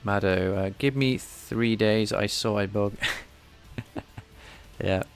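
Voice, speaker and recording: Low gravelly guy coding on a live stream, rambly and self-deprecating, faint music behind. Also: slow pace. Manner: rambling and self-deprecating, chatting with viewers between tasks. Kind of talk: casual live coding stream, thinking aloud.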